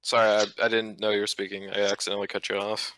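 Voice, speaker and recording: A man's voice: lowish voice, monotone, fast, sharp tone, slight background noise, rough recording. A man narrating as game master of a tabletop game, with loose, rambling narration.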